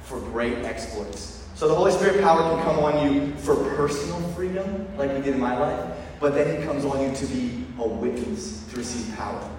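A man preaching a sermon, telling stories with lively call-and-response to his congregation. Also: medium pitch, moderate pace, a little hiss or hum. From Lancaster County, Pennsylvania. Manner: energetic, storytelling with call-and-response. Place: large hall with audience. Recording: echoey hall recorded from far off.

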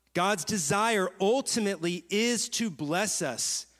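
A man with a high, bright-toned voice preaches a lively sermon, trading stories and questions with his congregation. His voice rings out with a long reverb tail, as in a large church auditorium. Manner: lively, storytelling, asks the crowd questions. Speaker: pastor.

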